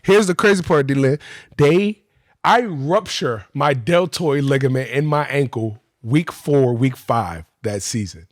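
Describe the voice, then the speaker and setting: A man telling his football career story on a podcast, animated, profane and slangy. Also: medium pitch, measured pace, no echo.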